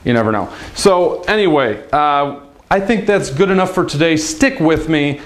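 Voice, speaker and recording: A man's voice: on the high side, expressive, moderate pace. A man giving a casual, upbeat language lesson, chatty and demonstrating sounds with big swings of his voice. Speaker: language teacher.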